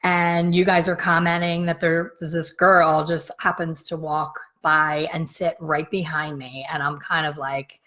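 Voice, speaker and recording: A middle-aged woman with a slightly raspy voice tells a long, rambling story straight to her viewers. She talks casually and acts out the lines of the people in her story. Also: sits low, little pitch movement, a little slow, hardly any pauses, fairly bright tone. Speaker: hair colorist and business coach. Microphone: facing camera, talking straight to viewers.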